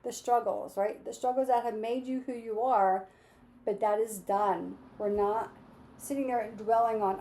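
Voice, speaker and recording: A woman's voice: on the high side, steady tone, unhurried, dark tone, a little hiss or hum. A woman giving a casual, enthusiastic tarot and astrology reading, repeating her affirmations. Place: home with lawnmowers outside.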